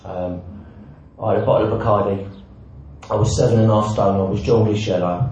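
Lowish and a little mellow, this man's voice stays steady and a bit fast as he bluntly tells of his recovery with self-mocking humour, occasional swearing and a repeated "right?". The recording, made in a very echoey, dull hall, has slight background noise.

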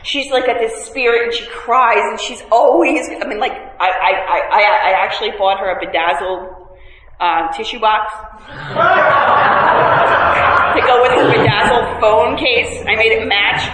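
A woman's voice: a little high, a little slow. A woman telling a meeting group about her recovery, with self-mocking humor and many fillers and restarts. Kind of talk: candid talk to a group. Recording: echoey hall, faint noise.

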